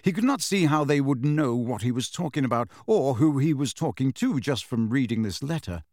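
A man narrating an audiobook in a steady, measured storytelling voice. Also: mid-range voice, no echo, studio quality.

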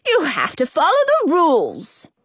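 A woman's voice: a little high, very animated, a little slow, a bit bright, breathy edge, no echo, exaggerated voice. A woman voicing a cranky, blunt talking magic mirror that grumbles curtly in a storybook. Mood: annoyed. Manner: irritable, curt, grumbling.

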